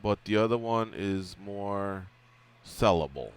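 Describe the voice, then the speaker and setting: Low-voiced joking male radio host. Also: slow, a crowd in the background. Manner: joking, teasing, lively. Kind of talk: casual sports radio chat.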